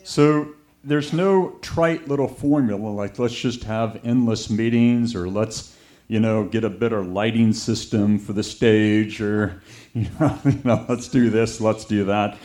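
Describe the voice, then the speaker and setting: Man, preacher, sermon storytelling, lively anecdotes, church setting. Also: lowish voice, unhurried. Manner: lively anecdotal delivery, acts out quoted voices.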